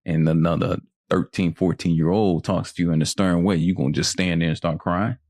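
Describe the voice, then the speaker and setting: A man's voice: deep voice, fairly even intonation, fairly quick, darkish tone, dry recording. A man in his thirties co-hosting a podcast in casual chat, blunt and joking, laughing often. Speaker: podcast co-host.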